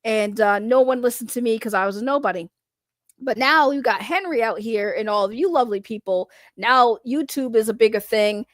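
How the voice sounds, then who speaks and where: A woman's voice: on the high side, normal speed, no echo. A woman doing casual livestream commentary, rambling and blunt, swearing freely and laughing often. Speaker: online commentator.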